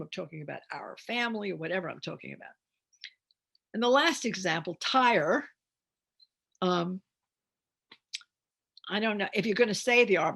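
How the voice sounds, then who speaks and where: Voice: medium pitch, gravelly, fairly bright tone, slightly rough. A reading teacher giving an instructional talk on phonics, explaining step by step with chatty asides.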